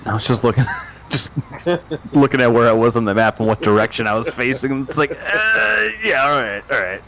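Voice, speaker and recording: A man's voice: medium pitch, fairly quick, fairly bright tone, low-quality recording. A man chatting casually during a game stream, half distracted by what he is doing in the game. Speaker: stream co-player. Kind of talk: casual gaming chat with friends.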